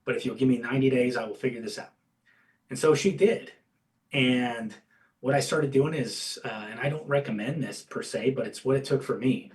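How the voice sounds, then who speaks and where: A man telling his career story as an interview guest, candid and animated, acting out bits of dialogue. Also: mid-range voice, distant mic, rough recording. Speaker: guest, insurance agency owner and coach.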